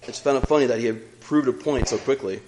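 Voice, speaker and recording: A young man preaching a sermon in an earnest, measured way, reading scripture aloud between his own remarks. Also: mid-range voice, a little mellow, a little hiss or hum, low-quality recording.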